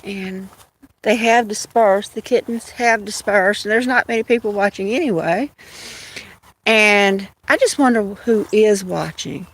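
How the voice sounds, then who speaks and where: On her casual outdoor phone livestream, a woman heads to a field with her kittens, talking ramblingly to them and to her viewers in a mid-range voice at a measured pace.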